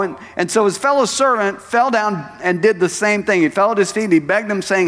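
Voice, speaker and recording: A man's voice: high-pitched, a little fast, hardly any pauses, a bit bright. A male pastor preaching a sermon in a church, talking conversationally with asides to the congregation. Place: church sanctuary. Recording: echoey church hall.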